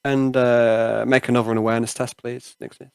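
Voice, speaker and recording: Man game master narrating a tabletop game, smooth resonant voice, dry close sound, rambling with many fillers. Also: medium pitch, level tone, a little fast, no room sound.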